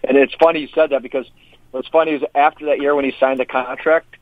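A hockey coach calling in, chatting casually about players in quick, rambling sentences that he often restarts. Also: mid-range voice, steady tone, dry recording. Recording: tinny phone line.

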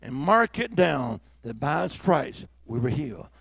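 A man's voice: a little high, very animated, measured pace, gravelly, fairly bright tone, breathy edge, no room sound. A man preaching a revival sermon, exhorting the congregation with fervent calls of hallelujah.

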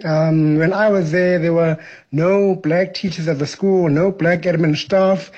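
A man's voice: fairly high pitch, fairly even intonation, measured pace, darkish tone, dull audio. A man in his thirties from South Africa, leaving a matter-of-fact voice note for a radio show.

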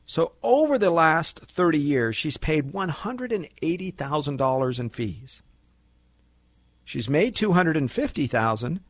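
A man's voice: a little high, no room sound. A man hosting a financial radio talk show, talking animatedly and acting out little dialogues between clients and brokers.

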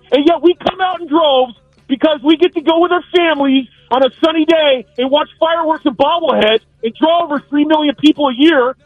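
A man's voice: very high voice, no room sound. Indignant male caller on a tinny phone line. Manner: fired-up, indignant, ranting. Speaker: radio caller. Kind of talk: angry call-in rant.

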